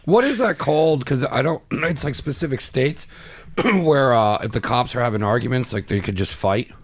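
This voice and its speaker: A man with an ordinary mid-pitched voice who chats casually. He rambles, doubles back and fills his sentences with "like" while telling small local stories. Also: animated, normal speed. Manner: rambling, filler-heavy talk. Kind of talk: casual chat.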